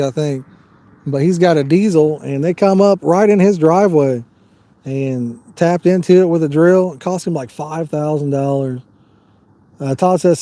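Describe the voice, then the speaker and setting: Outdoors on a live fishing stream, a man rambles easily and reads viewer comments aloud in casual chat. His voice is fairly high and mellow, with no room sound.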